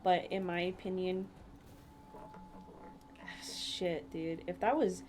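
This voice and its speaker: A woman's voice: fairly low pitch, fairly even intonation, takes it slowly, a little mellow, slight background noise. A woman co-hosting a casual podcast chat, telling stories bluntly with plenty of swearing. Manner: blunt, profane, rambling storyteller. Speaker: podcast co-host.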